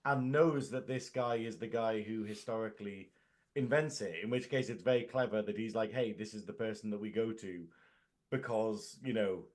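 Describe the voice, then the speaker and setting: A man's voice: lowish voice, moderate pace, darkish tone. A man on a casual film review podcast, talking enthusiastically and thinking aloud as he makes his points. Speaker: podcast co-host or guest.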